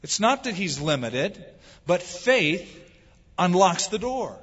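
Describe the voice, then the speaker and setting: A man's voice: a little high, fairly bright tone, husky. A man preaching a sermon as a pastor, stretching out the words he stresses. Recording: dull lo-fi with long hall reverb.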